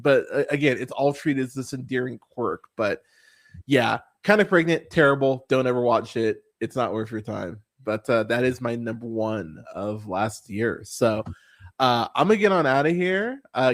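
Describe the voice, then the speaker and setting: A man hosts a movie podcast, ranting about a film he hated in a loose, casual way. He swears freely and piles on fillers and false starts as his frustration builds. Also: medium pitch. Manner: exasperated, swearing, many fillers and restarts. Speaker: podcast host. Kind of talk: casual movie review rant.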